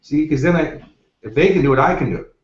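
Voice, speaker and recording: A man's voice: on the high side, quick pace. Guy coaching folks, chatty stories full of quotes, sounds far off in an echoey room. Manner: energetic, anecdotal, acts out quotes. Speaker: success coach. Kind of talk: interview storytelling. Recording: roomy, distant, dull lo-fi.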